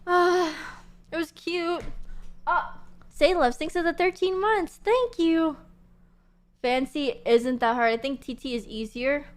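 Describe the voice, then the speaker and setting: A young woman with a high voice talks casually to her stream chat at a relaxed, unhurried pace. She is giggly and chatty, full of fillers and swearing, speaking into a desk microphone.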